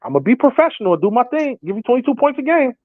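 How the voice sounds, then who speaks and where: A young man talking sports on a podcast, excited and casual, often acting out made-up quotes. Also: very high-pitched, rapid-fire, no echo. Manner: acts out imagined quotes in put-on voices. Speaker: podcast co-host. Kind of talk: animated sports talk. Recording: thin phone-like sound.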